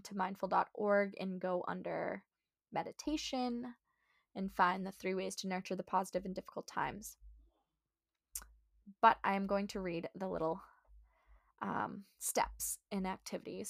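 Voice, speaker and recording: A woman's voice: medium pitch, gravelly, no echo, studio quality. A young woman hosting a solo podcast, talking in an earnest, encouraging, chatty way with many fillers. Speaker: podcast host. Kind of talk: casual solo podcast talk.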